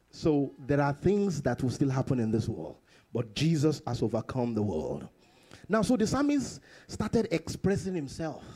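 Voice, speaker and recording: A male pastor delivers a sermon in a high, bright voice. His pitch swings widely as he leans on repeated phrases and breaks into sudden high bursts. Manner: animated preaching with sudden high bursts and laughs.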